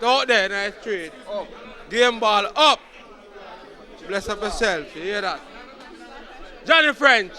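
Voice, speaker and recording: A man with a Jamaican accent giving blessings and birthday shout-outs outdoors. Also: high-pitched. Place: outdoors at a party.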